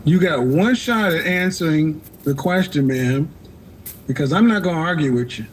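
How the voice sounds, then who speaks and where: Male call-in host, blunt, lecturing, slightly higher voice, cuts people off. Faint background hiss. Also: lively intonation, moderate pace. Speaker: advice show host. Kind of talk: live call-in advice show.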